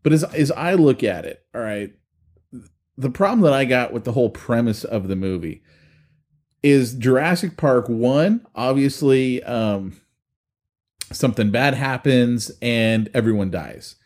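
A man's voice: medium pitch, expressive, a little slow, darkish tone. A man co-hosting a podcast in casual chat, bantering and rambling on as he makes his points. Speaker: podcast co-host.

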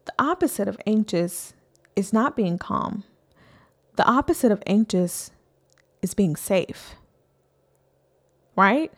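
A woman's voice: medium pitch, animated, slow pace, long pauses. A woman therapist hosting a podcast, talking earnestly in a conversational way and often checking in with "right?".

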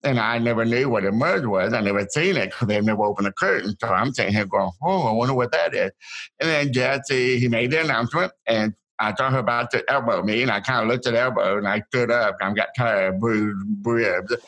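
A man telling stories from his childhood as an interview guest, in halting bursts with many restarts and repeated words. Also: medium pitch, a bit bright, poor audio. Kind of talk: casual storytelling.

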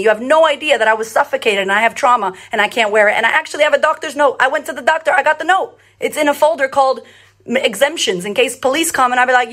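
A woman giving a blunt, profane, emphatic solo monologue as a confidence coach and podcast host, telling stories with lots of energy. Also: fairly high pitch. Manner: animated storyteller.

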